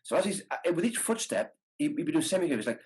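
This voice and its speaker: A man's voice: a little high, sing-song, fast talker, darkish tone, husky, low-quality recording. A man teaching a brass masterclass over a video call, explaining tonguing patiently and sounding out practice syllables. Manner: demonstrates articulation syllables aloud. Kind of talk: masterclass instruction.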